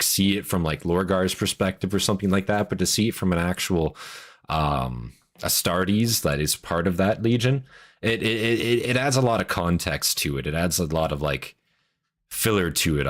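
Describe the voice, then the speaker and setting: Low-voiced male streamer, loose excitable reaction chatter, swears often. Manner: excitable, swears freely, rambling with restarts. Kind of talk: casual reaction commentary.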